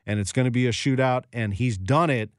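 A man's voice: mid-range voice, a little fast, dry recording, clean studio sound. A man hosting a sports talk radio show, giving emphatic, opinionated takes and repeating his points for effect.

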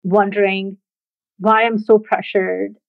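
A woman casually telling a personal story in a reflective, halting way, often laughing softly between thoughts. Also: medium pitch, level tone, vocal fry, no echo. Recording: dry, tinny phone-like sound.

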